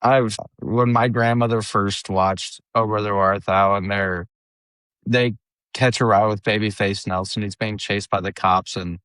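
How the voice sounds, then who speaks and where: A man's voice: a little slow, clear, resonant tone, no echo. A man co-hosting a podcast, chatting animatedly about movies. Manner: animated, does silly high voices when quoting. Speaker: podcast co-host. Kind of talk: casual chat.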